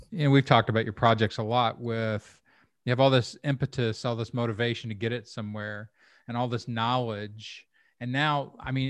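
A man talking through ideas in a loose, rambling way, with frequent restarts. His voice sits at an ordinary pitch. The recording is dry and close, with no room sound. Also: dry recording. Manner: rambling, repeats words, thinks aloud. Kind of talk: conversational interview.

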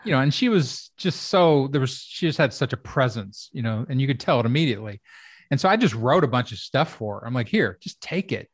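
A man's voice: medium pitch, animated, fast, husky, no echo. Male comedy-producer type, casual storyteller, medium voice, dry close recording. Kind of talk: casual podcast chat.

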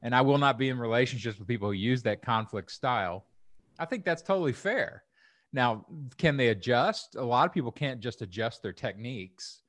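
A man's voice: medium pitch, expressive, normal speed, a bit bright, no room sound. A man chatting casually with a friend, thoughtful and teasing in turn. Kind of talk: casual chat.

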